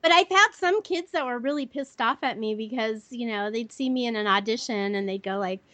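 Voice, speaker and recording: Older woman voice actor, squeaky and upbeat, dry close mic, casual interview guest. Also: fairly quick, fairly bright tone, no room sound. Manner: chatty, laughs easily, self-deprecating.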